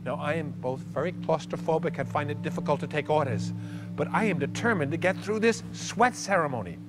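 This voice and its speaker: A middle-aged man performing a wry, animated storytelling monologue, over a steady hum. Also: fairly high pitch, brisk. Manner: animated, wry, increasingly breathless. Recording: hum and noise under voice.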